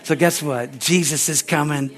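At a moderate pace, a man whose voice is a little high preaches fervently as pastor at a church service. Hallelujahs and amens punctuate his lines, and he breaks into excited shouts when acting out a story.

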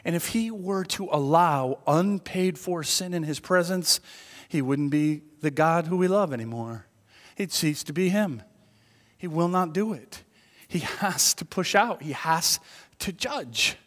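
A pastor delivering a sermon in a church hall with a long, lingering reverb. His voice sits a little high for a man. He talks to the congregation like a conversation, dropping to hushed confessions and then rising to loud, emphatic points. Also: expressive, a little slow. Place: church sanctuary.

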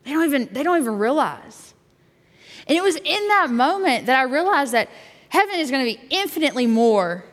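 A woman youth pastor giving a sermon and telling a personal story in a candid way, with fillers and restarts. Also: a little high. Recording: long hall reverb.

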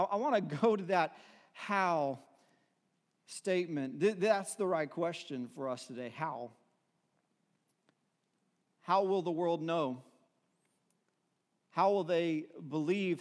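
High-voiced man preaching in a reverberant hall. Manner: earnest, repetitive, many restarts, swings between soft and rising emphasis. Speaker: pastor. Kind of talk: sermon.

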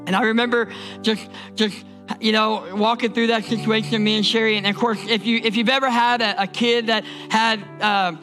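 A man's voice: sits high, steady tone, normal speed, over music. A man from Indiana preaching a sermon as a pastor, emphatic and repetitive, often restarting his words.

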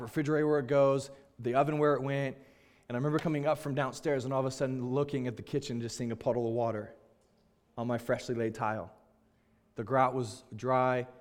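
A young man, a pastor, telling a personal story in a sermon, earnest and openly emotional in a candid, conversational way. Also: medium pitch.

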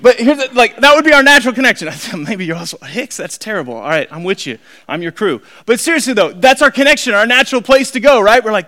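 A pastor preaching a sermon, animated, acting out quoted voices and swinging between shouting and quiet asides. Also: male voice, high-pitched, fairly quick.

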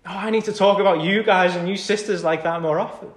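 A man's voice: high-pitched, steady tone, fast. Man preaching in an echoey church. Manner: conversational preaching, repeats key phrases, swings from hushed to loud. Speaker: pastor. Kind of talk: sermon. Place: church hall.

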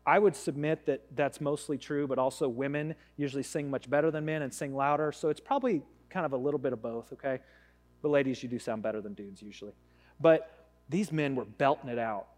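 A man's voice: medium pitch, brisk, a little mellow. A man in his thirties preaching a casual, storytelling sermon as a pastor. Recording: long hall reverb.

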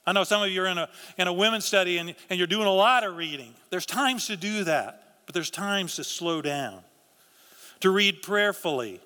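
A man preaching in a church, his voice bright and forceful, a little higher than most men. He talks earnestly and conversationally, often restarting his words. The sound hangs in the long reverb of a large hall. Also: normal speed, smooth. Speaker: pastor. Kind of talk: sermon.

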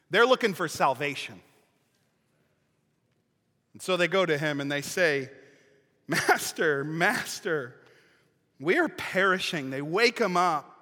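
A male pastor preaches with a high, bright, forceful voice and animated storytelling. His words ring out with long reverb, as in a large church sanctuary. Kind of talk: sermon.

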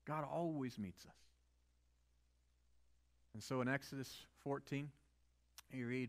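A man's voice: mid-range voice, steady tone, slow pace, long pauses. A male pastor preaching a sermon in a conversational way, often asking the audience rhetorical questions.

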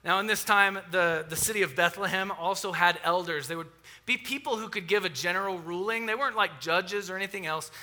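A pastor delivering a sermon, retelling a story in a lively, conversational way with asides to the congregation. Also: male voice, high-pitched, fairly quick.

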